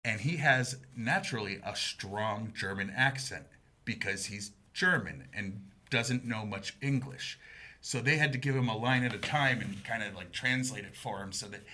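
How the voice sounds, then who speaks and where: A man co-hosting a community TV movie talk show, chatting casually with animated, mocking humor and frequent laughter. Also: lowish voice, normal speed. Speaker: co-host of a movie review show. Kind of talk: casual chat. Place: community TV studio.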